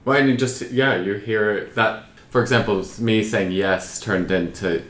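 A man's voice: fairly low pitch, measured pace. A man co-hosting a podcast, telling stories in casual chat and laughing often. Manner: relaxed storyteller, laughs often. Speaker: podcast co-host. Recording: echoey room with faint noise.

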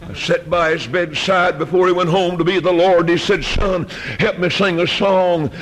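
Man preaching, high voice, fiery sermon, hushed then shouting. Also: fairly even intonation, moderate pace. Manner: swings from hushed storytelling to shouted exhortation.

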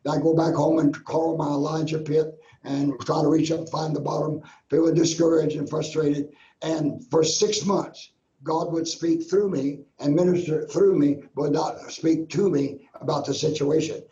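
A man's voice: a little high, fairly even intonation, moderate pace, warm tone. An older man, a guest minister, tells a personal testimony in an earnest, repetitive preacher's cadence. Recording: roomy, dull lo-fi sound.

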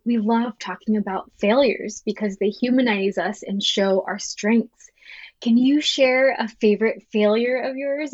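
A woman's voice: medium pitch, darkish tone, no echo. A woman interviewer asking questions in an encouraging way. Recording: slightly dull, muffled sound.

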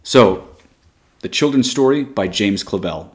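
A man with a lilt reads a short story aloud, slow and deliberate, each phrase set down with care. His voice sits low. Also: animated, very noisy. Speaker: reader.

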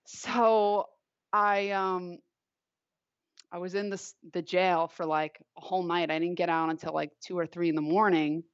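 A woman's voice: fairly low pitch, flat delivery, moderate pace, no room sound. A young woman from Long Island tells a story from her own life in loose, chatty talk, full of "like" and "you know." The sound is muffled and lo-fi, with a dry, close feel and no room around her. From Long Island, New York. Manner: chatty, heavy use of "like" fillers. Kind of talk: casual personal storytelling. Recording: dull, lo-fi, dry recording.

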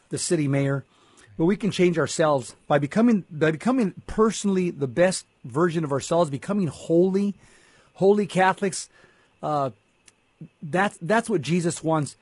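A man's voice: fairly high pitch, breathy edge, no room sound. A man co-hosting a Catholic talk show, speaking earnestly and often repeating words as he gets going. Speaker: Catholic radio co-host. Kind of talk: casual faith talk show chat.

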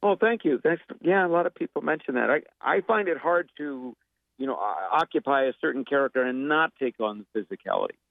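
A man's voice: mid-range voice, expressive, brisk, creaky, dry recording, phone-quality sound. A man being interviewed as a guest actor and impressionist, talking in a rambling, thoughtful way with many fillers and restarts. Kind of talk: casual interview talk.

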